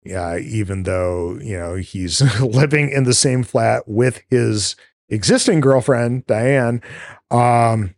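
A man's voice: medium pitch, takes it slowly, a little mellow, no echo, clean studio sound. A man hosting a podcast, rambling through a casual film recap with many fillers and the odd swear word. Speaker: podcast host.

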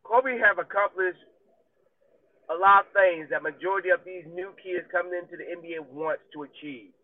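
High-voiced man ranting with a country twang. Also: normal speed, no echo. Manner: emphatic, profane, repetitive ranting. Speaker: podcast host. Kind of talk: heated solo commentary. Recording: dry, tinny phone-like audio.

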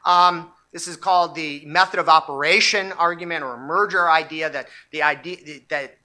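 Bright-voiced, emphatic legal lecturer. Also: medium pitch. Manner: analytical, stop-start with frequent restarts; emphatic when stressing key points. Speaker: legal commentator. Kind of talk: lecture on a court ruling.

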